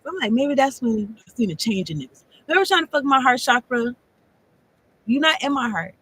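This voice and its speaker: High-pitched woman, casual tarot reader; rambling, profane, laughs a lot. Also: animated, fairly quick, fairly bright tone, breathy edge, low-quality recording. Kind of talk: casual tarot reading monologue.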